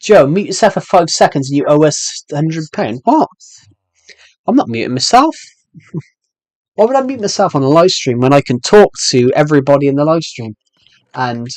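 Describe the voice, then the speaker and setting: Young male streamer, hyper and jokey, slightly high voice, dry close mic. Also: lively intonation, unhurried, pauses often, dry recording. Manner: hyper, jokey, rambling, answers chat messages. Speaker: live streamer. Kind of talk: casual live-stream chat while gaming.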